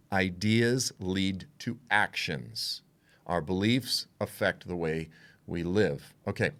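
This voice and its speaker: A man giving a conversational Bible teaching, frank and animated, acting out what others would say. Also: low voice. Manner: animated, frank, with asides and quoted voices.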